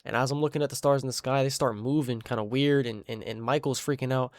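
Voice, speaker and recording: A young man casually telling a story, animated and slangy, making sound effects and tripping over words. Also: medium pitch, fast, few pauses, no echo, studio quality.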